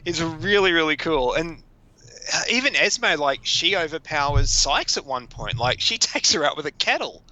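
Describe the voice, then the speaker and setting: A man's voice: on the high side, very animated, moderate pace, sharp tone, low-quality recording. A man co-hosting a podcast, chatting casually, laughing often and acting out quotes. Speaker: podcast co-host. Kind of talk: casual chat.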